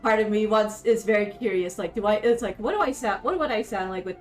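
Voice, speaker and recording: A woman's voice: mid-range voice, fairly quick. A woman guest chatting casually and playfully, stammering through restarts. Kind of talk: casual chat. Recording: roomy with faint music.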